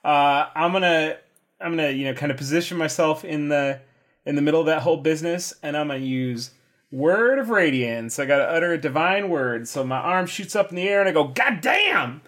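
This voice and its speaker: A man's voice: on the high side, brisk, fairly bright tone. A man playing a tabletop game, casual and easily amused. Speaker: player.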